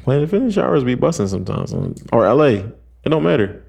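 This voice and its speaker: A man's voice: mid-range voice, sing-song, brisk, vocal fry, a little mellow. A young man on a podcast, telling a long story in casual slang, acting out quotes and using lots of fillers. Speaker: podcast co-host.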